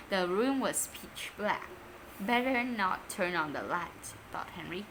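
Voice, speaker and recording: A woman, a native Vietnamese speaker, reading a children's story aloud in an expressive, unhurried way. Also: medium pitch, noisy background.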